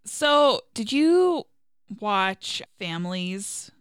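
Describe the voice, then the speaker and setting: A woman's voice: medium pitch, big pitch swings, drawn-out words, smooth, no echo, studio quality. A woman co-hosting a podcast in casual chat, talking in a loose, filler-heavy way and swearing casually. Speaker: podcast co-host.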